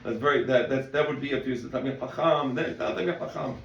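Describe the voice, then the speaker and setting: Gravelly-voiced male rabbi teaching in an echoey room. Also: medium pitch, fast, dull audio. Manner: conversational, repeats words, quotes in animated voices. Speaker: rabbi teaching a Talmud class. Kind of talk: casual Talmud lesson.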